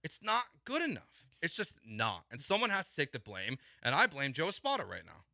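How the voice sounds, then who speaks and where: A man's voice: fairly high pitch, wildly swooping pitch, a little fast, gravelly, pushed and bright, no room sound, clean studio sound. A man hosting sports talk radio, arguing his point in an emphatic, exasperated way and repeating words for stress.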